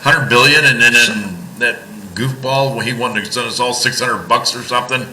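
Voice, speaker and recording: A man's voice: medium pitch, fairly even intonation, normal speed, bright, forceful tone, slight background noise, low-quality recording. A man co-hosting a casual talk show, bantering bluntly and joking. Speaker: co-host.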